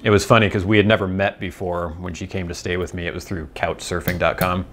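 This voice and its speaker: A man's voice: sits low, little pitch movement, fast talker, a bit bright, slight background noise. A man hosting a vlog, thinking aloud in a casual, rambling monologue with self-deprecating asides. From United States. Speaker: vlog host.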